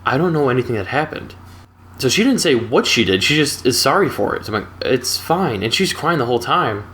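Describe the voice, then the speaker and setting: A young man casually telling a personal story, relaxed and wry. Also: medium pitch, brisk, slight background noise. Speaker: storytelling channel host.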